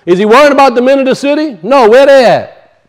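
Cajun male preacher, high voice, folksy and emphatic, quizzes his flock. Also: lively intonation, fast. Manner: emphatic, questions the congregation, folksy dialect grammar. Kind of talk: sermon.

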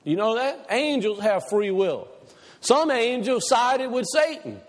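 Preacher, male, high voice, folksy Southern phrasing, engages the congregation, long hall reverb. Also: big pitch swings, unhurried. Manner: asks the congregation questions. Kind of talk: sermon.

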